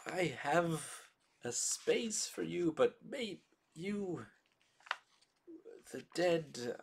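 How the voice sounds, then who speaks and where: A man voicing a frightened old village priest who speaks in halting, formal, archaic phrases. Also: fairly high pitch, lively intonation, creaky, slight background noise, voice pushed up, heavily acted. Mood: uneasy.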